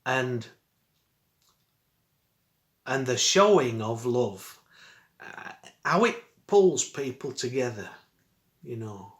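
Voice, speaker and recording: A middle-aged man rambles through a story in his own dialect, chuckling as he goes. His voice sits at an ordinary middle pitch. The recording has a roomy echo around him. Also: very animated, takes it slowly, pauses often, a bit bright. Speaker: vlogger. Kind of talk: casual storytelling.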